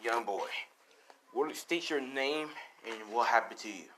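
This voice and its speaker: A man voicing a stern old male leader of a secret group, speaking gravely and formally. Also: medium pitch, a little slow, sharp tone, slight background noise, rough recording.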